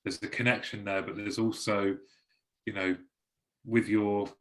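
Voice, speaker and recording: A podcast host with a somewhat low male voice leads the conversation. He asks long, meandering questions and shows real interest in his guest's answers. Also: little pitch movement, unhurried, fairly bright tone, low-quality recording.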